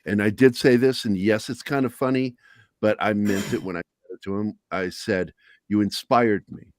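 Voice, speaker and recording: A man's voice: on the low side, steady tone, moderate pace, dry recording, studio quality. A middle-aged man hosting a talk show, telling candid personal stories in a blunt, profane, self-deprecating way. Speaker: podcast host.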